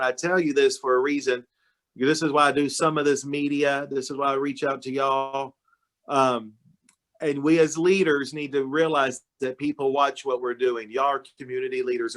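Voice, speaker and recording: A man, speaking to a club meeting over a video call in a folksy, storytelling way while recovering from illness. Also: mid-range voice. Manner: folksy, storytelling, warm-hearted address. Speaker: county judge guest speaker. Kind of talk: casual talk to a club meeting.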